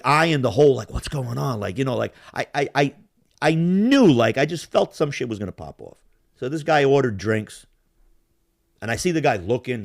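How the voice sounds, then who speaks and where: Profane, animated male storyteller. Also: mid-range voice. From Yugoslav family roots. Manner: profane, animated storyteller acting out bar scenes. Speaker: podcast host. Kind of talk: casual storytelling chat.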